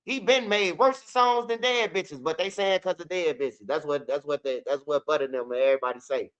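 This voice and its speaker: Highs are cut off in this recording of a man with a highish, clean voice who speaks briskly. He hosts a commentary channel, ranting bluntly and profanely about street news, saying things twice and mock-rapping lines.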